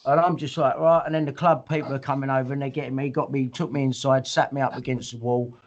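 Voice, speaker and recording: A man's voice: mid-range voice, fairly even intonation, quick pace. A middle-aged man tells a story in blunt, rambling casual speech, swearing often and acting out what people said. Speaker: guest. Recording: muffled lo-fi audio.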